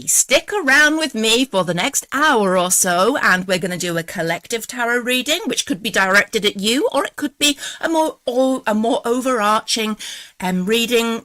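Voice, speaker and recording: A rambling Geordie woman chats her way through a live tarot stream, self-deprecating and quick to laugh. Her voice sits at an ordinary middle pitch and sounds clipped and lively with caffeine. The sound is dry and close, with no room around her. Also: no echo. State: buzzing on coffee after feeling unwell. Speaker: tarot reader hosting a live show. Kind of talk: casual live-stream chat.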